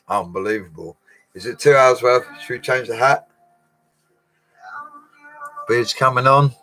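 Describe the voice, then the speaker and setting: A man's voice: mid-range voice, fairly bright tone, breathy edge, rough recording. A middle-aged man, rambling through a casual live stream with laddish banter and frequent laughter. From Colchester, England. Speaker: livestream host.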